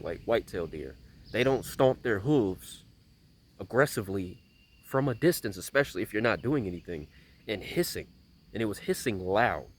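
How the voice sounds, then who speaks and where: A man's voice: fairly low pitch, a little hiss or hum. A man telling a story in a casual vlog from a small bridge outdoors, rambling and emphatic, repeating himself often. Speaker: vlogger.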